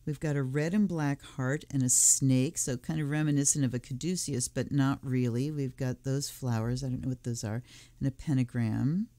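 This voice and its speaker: A woman's voice: extremely low pitch, fairly even intonation, moderate pace, mellow, no echo. A woman hosting a tarot channel, thinking aloud in a casual, musing way as she unboxes and looks through a deck. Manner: musing, thinking aloud while flipping cards. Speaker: tarot reader and channel host.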